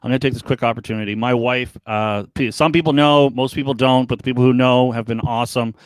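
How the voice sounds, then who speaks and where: A man's voice: medium pitch, quick pace, clean tone, dry recording. Earnest, rambling man on a live stream. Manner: rambling, earnest, animated storyteller. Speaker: podcast co-host guest. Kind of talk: casual live-stream chat.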